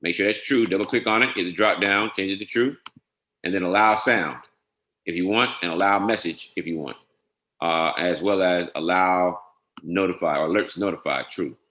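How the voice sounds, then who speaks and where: A man with a fairly low but bright, forceful voice teaches a software setup on a screen share. He spells out each entry slowly and checks in with a casual "all right?" as he goes. The sound carries a roomy echo. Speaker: software trainer.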